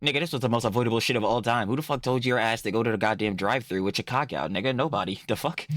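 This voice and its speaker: A man's voice: medium pitch, fast talker, a bit bright, no echo, clean studio sound. Heated profane young man ranting. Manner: heated, profane, exasperated, slangy. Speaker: reaction commentator. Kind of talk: ranting reaction commentary.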